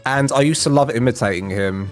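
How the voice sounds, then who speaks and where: A man's voice: medium pitch, a little fast, faint music behind. A man chatting casually on a live game stream, rambling and self-deprecating with a jokey manner. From England.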